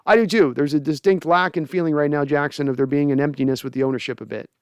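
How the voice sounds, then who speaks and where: A man's voice: fairly high pitch, steady tone, fast talker, few pauses, a little mellow, clean tone, no echo, studio quality. A man hosting a sports podcast, casually chatting and reading viewer comments aloud. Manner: chatty, laughs often, reads comments aloud. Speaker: podcast host.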